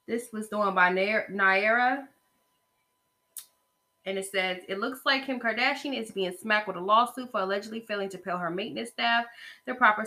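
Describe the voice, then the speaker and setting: Bright, sassy woman podcast host. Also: a little high. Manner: chatty, sassy, talks straight to listeners. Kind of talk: casual gossip commentary.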